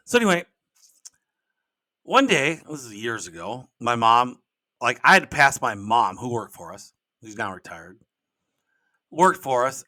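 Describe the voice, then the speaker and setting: An older man with a bright, forceful voice, hosting a solo podcast. He tells stories casually and rambles in a folksy way, often restarting with repeated words. The sound is dry and close, with little room in it. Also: medium pitch, dry recording. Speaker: podcast host and business coach.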